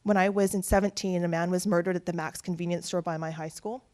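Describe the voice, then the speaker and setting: A Canadian keynote speaker gives an earnest speech built on personal stories, talking fast in a fairly low voice. Her storytelling is animated, and she voices the people she quotes.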